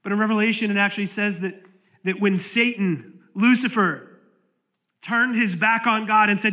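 Bright high-voiced male pastor preaching. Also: measured pace. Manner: impassioned preaching with sudden drops to low, quiet delivery; acts out quoted pleas with rising intensity. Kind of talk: sermon. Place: church sanctuary.

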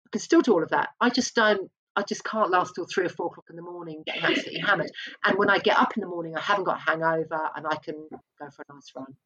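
A woman's voice: fairly low pitch, quick pace, a bit bright, slightly rough, highs cut off. A woman speaking as an interview guest, open and reflective, often restarting her sentences. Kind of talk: candid conversational interview.

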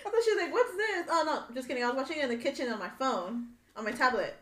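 High-voiced giggly woman telling a story. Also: expressive, racing, a loud crowd. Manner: giggly, chatty. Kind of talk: casual chat, storytelling. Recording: echoey room.

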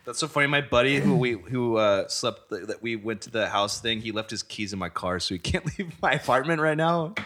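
A young man in casual chat among friends, animated, laughing often and swearing freely. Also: medium pitch, brisk, hardly any pauses.

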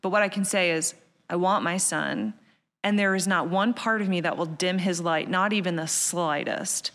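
A woman's voice: fairly low pitch, normal speed, a bit bright, in a large hall. A woman in her thirties, a podcast guest talking casually and animatedly, laughing easily and peppering her speech with "like.". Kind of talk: casual interview chat.

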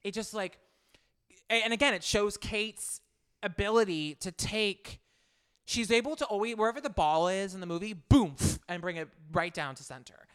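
A man's voice: high voice, normal speed, a bit bright, smooth. A man co-hosting a film podcast, chatting casually and enthusiastically in a rambling way. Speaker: podcast co-host. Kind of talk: casual chat.

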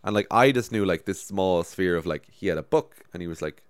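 Young podcast co-host, lively swooping pitch, swears a lot, dry close sound, animated storyteller. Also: male voice, fast talker, clear, resonant tone, no room sound. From Ireland. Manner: animated storytelling, swears a lot, voices his past self. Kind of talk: casual podcast chat.

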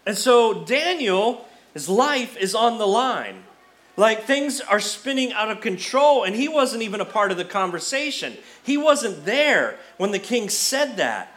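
Guy preaching, high voice, tells the story all animated, does the characters' lines. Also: measured pace. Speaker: pastor. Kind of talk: sermon.

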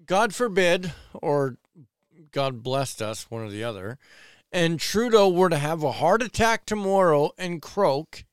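A man's voice: on the high side, animated, unhurried, clean tone, no room sound, clean studio sound. A man co-hosting a podcast, speaking in a profane, sardonic way in casual chat. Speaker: podcast co-host.

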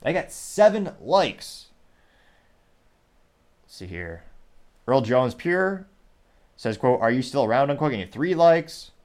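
A man's voice: mid-range voice, sing-song, measured pace, a little mellow. A man from Texas hosting a podcast, reading social media replies aloud with wry, sarcastic asides in a casual commentary style. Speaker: podcast host.

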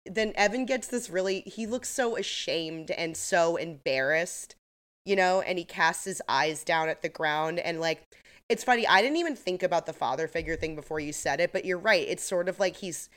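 A woman's voice: on the low side, normal speed, fairly bright tone. A woman co-hosting a podcast, retelling TV scenes in detail in casual chat over a video call. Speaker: podcast co-host. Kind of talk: casual chat recapping a TV episode. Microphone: computer mic on a video call.

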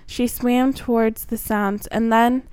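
A woman's voice: on the high side, steady tone, takes it slowly, a little mellow, clean tone, no echo. Woman reading a children's story.

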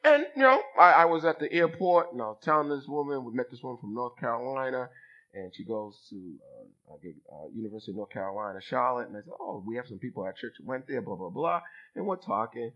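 A man in his fifties from Boston, preaching a sermon as a bishop with lively delivery and call-and-response to his congregation. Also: medium pitch, fast talker, highs cut off. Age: 50s. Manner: animated preacher, acts out voices, calls for response from the congregation.

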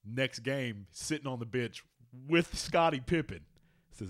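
A man co-hosting a casual sports podcast, swearing freely and telling stories with lively quoted voices. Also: mid-range voice, moderate pace. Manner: profane, animated storytelling. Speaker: podcast co-host.

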